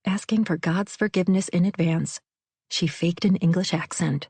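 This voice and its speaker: A woman narrating a novel in an audiobook, telling the story in a measured, even manner into a close studio mic. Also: on the low side, breathy edge, no room sound. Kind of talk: scripted narration.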